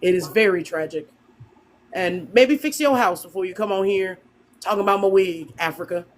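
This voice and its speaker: A woman's voice: mid-range voice, normal speed, slight background noise. A woman on a live panel debate, speaking in a scornful, combative way and confronting other guests.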